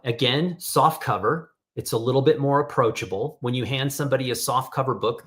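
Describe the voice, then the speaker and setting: A middle-aged man leads an online workshop over a video call, his voice sitting in an ordinary middle pitch. He talks in a relaxed, casual way, telling stories and slipping into quick voices for the people he quotes. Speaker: workshop host.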